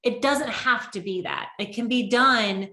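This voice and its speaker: A woman's voice: a little high, a little slow, sharp tone. A woman co-hosting a marketing podcast, explaining things in a casual chat with frequent restarts. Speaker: podcast co-host. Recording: echoey room.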